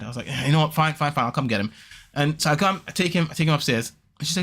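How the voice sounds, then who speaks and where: A man hosting a podcast, telling a story in casual chat, rambling and animated, with quick restarts and repeats. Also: on the high side. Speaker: podcast host.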